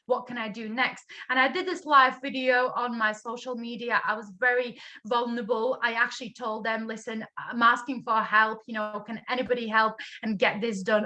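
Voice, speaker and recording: A woman's voice: fairly high pitch, sharp tone. A woman from Latvia with a Latvian accent, telling a motivational story at a business training and acting out the dialogue with emphatic energy. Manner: drops articles in English.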